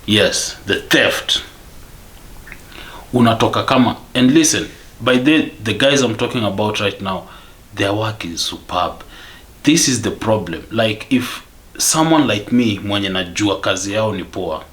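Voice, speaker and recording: A vlogger with a Kenyan accent rants angrily to camera, emphatic and repeating his points while switching between English and Swahili. His voice is on the low side, unhurried, with a fairly bright tone.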